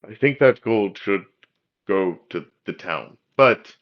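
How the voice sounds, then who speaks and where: A man's voice: on the low side, lively intonation. A man doing a formal, dutiful town official. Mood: earnest. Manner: formal, measured speech. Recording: dull lo-fi audio.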